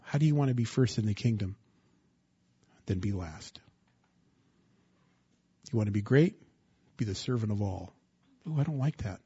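A man preaching a sermon, asking the congregation rhetorical questions and rising into loud bursts of emphasis. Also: fairly low pitch, normal speed, pauses often, breathy edge, no echo, dull audio. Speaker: pastor.

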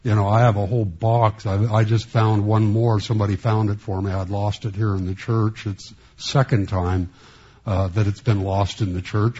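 A man preaching a sermon as a pastor, speaking in a halting way with many restarts and flashes of sarcasm. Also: fairly low pitch, mellow, husky, muffled recording.

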